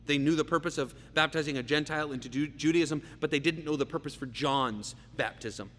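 A man preaching a verse-by-verse sermon, emphatic, slowing down and repeating key phrases for weight. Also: on the high side, fairly bright tone. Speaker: pastor. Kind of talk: expository sermon. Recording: long reverb, faint hum.

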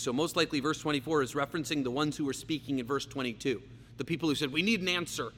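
A man preaching a verse-by-verse sermon, emphatic, slowing down and repeating key phrases for weight. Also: medium pitch, a bit bright. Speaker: pastor. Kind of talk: expository sermon. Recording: long reverb, faint hum.

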